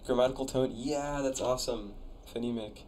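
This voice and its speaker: A young man chats loosely and casually, trying out sounds and replying to viewers as they write in. His voice is warm and mellow, sitting in a middle pitch. A faint steady hiss runs under the recording. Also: moderate pace. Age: young adult. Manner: chatty, laid-back, reads chat aloud. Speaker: streamer reviewing viewers' conlangs. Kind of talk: casual live-stream chat.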